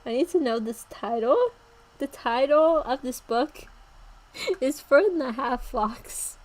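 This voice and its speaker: A woman's voice: sits high, takes it slowly, darkish tone, rough recording. A young woman in her early twenties reading her old novel aloud on a stream, laughing at her own writing.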